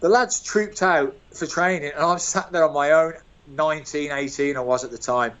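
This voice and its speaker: A man in his sixties tells lively, self-mocking stories as an interview guest, his voice sitting a bit high for a man. The sound is dull and lo-fi, like audio from a call. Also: normal speed, smooth. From England, Birmingham. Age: 60s. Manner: animated, self-mocking anecdotes. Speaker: guest, former footballer. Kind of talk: storytelling interview.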